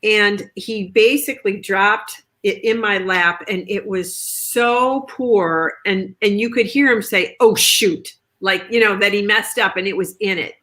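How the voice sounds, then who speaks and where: A woman author chatting on a video call, telling stories in a lively way and acting out quoted lines. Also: mid-range voice, measured pace, few pauses. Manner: chatty, animated storytelling with quoted asides. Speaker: author guest. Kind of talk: casual video chat.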